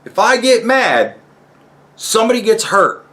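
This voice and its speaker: A man's voice: sits high, big pitch swings, a little slow, a bit bright. A man in an angry personal vlog rant, profane, heated and rambling. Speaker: vlogger.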